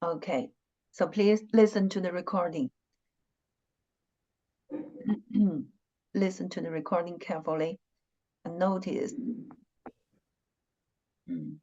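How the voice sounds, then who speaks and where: A woman teaching an online language lesson, talking slowly and patiently and repeating syllables and tones again and again. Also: lowish voice, dark tone, lo-fi sound. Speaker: Chinese teacher.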